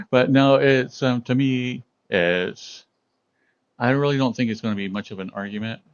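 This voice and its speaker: A man's voice: medium pitch, unhurried, clean tone, muffled recording. A man streaming, chatting casually and telling a story to his viewers, laughing often. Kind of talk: casual chat with chat readers.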